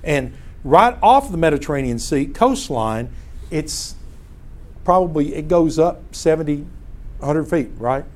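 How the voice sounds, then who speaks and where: Animated man teaching Bible class. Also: a little high, a little slow. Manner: storytelling, animated, self-interrupting. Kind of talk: casual Bible lesson with slides.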